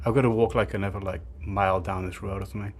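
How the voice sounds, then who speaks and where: A man's voice: low-pitched, fairly even intonation, very fast, slight background noise. Rambling, swearing young man. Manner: rambling, full of fillers and swearing. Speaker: storyteller. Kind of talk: casual storytime monologue.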